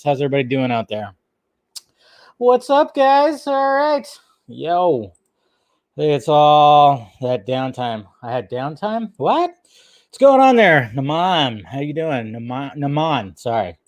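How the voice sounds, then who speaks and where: A man's voice: on the high side, no room sound. A man hosting a casual live stream, loosely chatting, swearing and greeting viewers by name.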